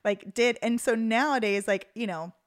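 A woman's voice: fairly high pitch, moderate pace. A woman co-hosting a podcast, telling a story in casual, rambling chat full of fillers and laughter. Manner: chatty, filler-heavy, laughs through her story. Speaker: podcast co-host.

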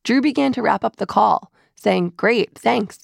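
A woman narrates a business podcast in a measured, scripted way. Her voice carries a heavy creak and sounds dry and close to the mic. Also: on the high side, no echo. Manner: measured, polished delivery.

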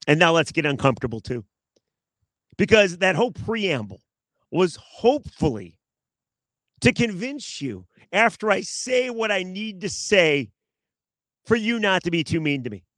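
A man hosts a sports talk show in a sarcastic monologue, mocking himself and speaking right to his listeners. His voice sits a little high for a man. The sound is dry and close, with little room around it. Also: very animated, unhurried, long pauses, a bit bright, dry recording. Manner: sarcastic, self-mocking, talks straight to listeners. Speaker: sports radio host. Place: outdoors in his backyard.

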